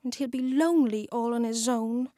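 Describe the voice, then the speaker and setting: A woman voicing an eager young boy who is earnest, excitable and a bit pleading. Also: a little high, moderate pace, no echo, clean studio sound, close to an everyday voice. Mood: sulky. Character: eager young boy who loves his pet frog.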